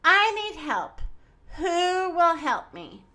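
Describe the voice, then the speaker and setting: Little boastful boy hunter in a storybook, high and eager, voiced by a woman. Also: very animated, slow, bright, forceful tone, full character voice.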